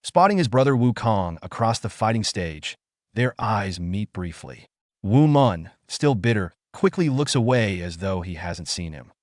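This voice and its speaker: A man narrating a comic story recap in a steady, scripted storytelling manner. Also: fairly low pitch, measured pace, no room sound, studio quality.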